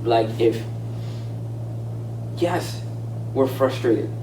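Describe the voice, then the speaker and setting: Calm male co-host, recorded in an echoey room with clear background hum. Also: medium pitch, drawn-out words. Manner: calm, even-keeled, frequent agreeing interjections. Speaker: podcast co-host. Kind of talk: casual discussion. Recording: roomy, distant mic with audible noise.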